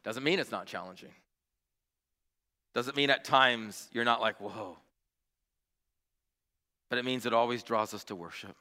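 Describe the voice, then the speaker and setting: A man's voice: medium pitch, normal speed, long pauses, bright, forceful tone, in a large hall. A man in his forties preaching a sermon, telling family stories earnestly with frequent fillers and restarts. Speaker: pastor. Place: church.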